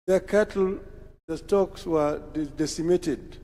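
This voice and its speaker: A Kenyan man giving a formal prepared speech at a national celebration, in measured, deliberate oratory with pauses. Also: high-pitched. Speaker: political speaker. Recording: long hall-like reverb from PA.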